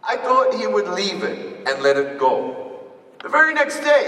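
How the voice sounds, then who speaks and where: A motivational speaker tells his story to a crowd, acting out each exchange with animated energy. His voice sits somewhat high for a man. It carries from a distance, with a long hall reverb around it. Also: measured pace. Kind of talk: live storytelling speech. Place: large hall before an audience. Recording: echoey hall picked up from afar.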